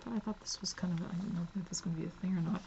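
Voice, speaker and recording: Woman host, casual haul vlog, gravelly edge, giggly asides, slightly muffled home recording. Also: on the low side, fairly even intonation, racing, slight background noise. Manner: chatty, giggly, drifts into soft whispers while reading spines. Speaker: book vlogger.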